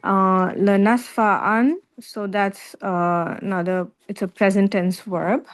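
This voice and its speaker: A woman student reading aloud in class and analyzing grammar hesitantly, with many pauses and fillers. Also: medium pitch, fairly even intonation.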